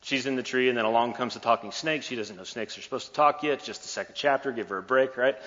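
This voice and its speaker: Bright-voiced joking preacher in a hall. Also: male voice, mid-range voice, fast talker. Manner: playful, joking storyteller. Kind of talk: sermon retelling a scripture story. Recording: dull recording with long hall reverb.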